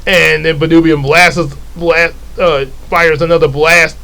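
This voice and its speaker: A man's voice: on the high side, flat delivery, unhurried, creaky, bright, forceful tone, poor audio. A man casually retelling his comic book, rambling into asides and correcting himself.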